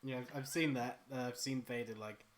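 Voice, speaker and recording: A man's voice: mid-range voice, steady tone, brisk. A man co-hosting an art livestream, teasing dryly in casual chat.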